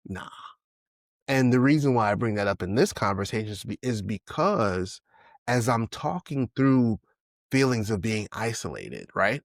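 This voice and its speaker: This unscripted solo podcast monologue comes from a host in his forties with a mid-range voice, recorded at studio quality with no echo. He's candid and emotional, reflective, swears casually, and keeps restarting and saying "you know what I'm saying."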